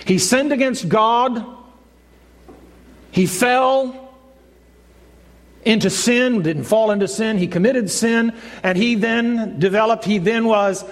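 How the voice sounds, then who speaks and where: A man's voice: sits high, slow, pauses often. A man preaching a sermon in a folksy storytelling way. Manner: folksy storyteller, acts out voices in the joke. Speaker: pastor. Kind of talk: sermon with a told joke. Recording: long reverb of a church hall.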